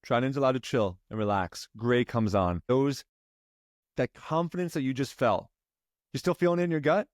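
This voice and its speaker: A man coaching a client, emphatic and pushing, then slowing into calm guided breathing. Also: medium pitch, no echo, studio quality. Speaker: life coach. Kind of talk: coaching session.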